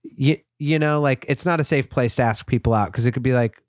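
A man's voice: mid-range voice, brisk, dry recording. Young guy cohosting a podcast, rambling jokey chat, dry close sound. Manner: rambling, laughing, self-deprecating. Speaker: podcast co-host. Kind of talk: casual comedic chat.

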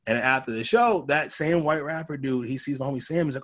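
A man's voice: medium pitch, fast. A young man from the Boston area, a comedian, telling stories in casual chat and acting out the people he quotes. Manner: animated storyteller, acts out quoted voices.

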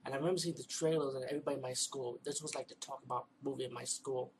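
A man's voice: medium pitch, steady tone, racing, a little hiss or hum, low-quality recording. A man casually reviewing a movie at home, rambling with many fillers, restarts and stumbles. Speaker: video reviewer.

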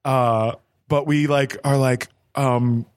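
Podcast guest, a man with an ordinary mid-pitched voice, loose rambling storyteller. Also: steady tone, slow. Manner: rambling storyteller, many likes and ums, acts out voices loudly. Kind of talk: casual chat.

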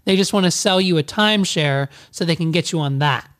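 A man's voice: fairly high pitch, fairly quick, fairly bright tone. Sarcastic man telling a rambling story. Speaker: podcaster. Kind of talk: casual comedic storytelling.

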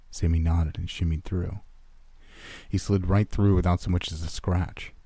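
A man reading a first-person horror story aloud in a low, steady, grim manner. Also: moderate pace, slightly rough, no echo.

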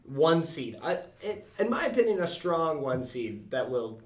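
A man co-hosting a casual movie chat, talking in a deliberate, opinionated way. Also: on the high side, very animated, roomy sound. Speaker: podcast co-host.

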